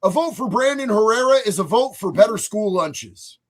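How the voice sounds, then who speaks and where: A male streamer tells crude stories in a profane, boisterous way. His voice runs high for a man and leaps all over the place, jumping from loud bursts down to low mutters. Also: animated, moderate pace. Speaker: streamer host. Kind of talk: crude comedic storytelling on a livestream.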